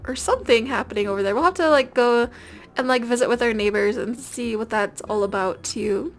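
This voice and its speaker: A woman's voice: on the high side, a little fast. A young woman giving casual, rambling commentary over a life-sim game, chatty and giggly with lots of fillers. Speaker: gameplay video host. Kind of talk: casual let's-play commentary.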